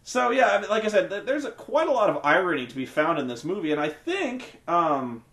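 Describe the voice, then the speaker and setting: A man's voice: high-pitched, big pitch swings, fairly quick, a bit bright. A man giving a casual, rambling spoken film review with many fillers, restarts and blunt swearing. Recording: echoey room.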